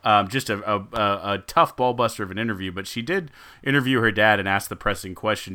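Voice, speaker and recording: A man's voice: lowish voice, a little fast, few pauses, pushed and bright. A man co-hosting a sports podcast, rambling and joking in casual chat and laughing often. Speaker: podcast co-host.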